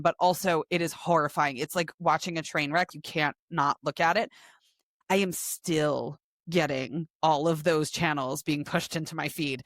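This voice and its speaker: A woman's voice: on the low side, a bit bright, no room sound. A woman co-hosting a podcast in casual chat, reading out a long list with dry asides. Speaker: podcast co-host.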